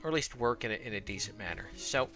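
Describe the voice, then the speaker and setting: A man's voice: fairly low pitch, animated, fast, music in the background. A man from Arizona giving casual let's-play commentary, rambling and thinking aloud with many fillers. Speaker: gameplay commentator.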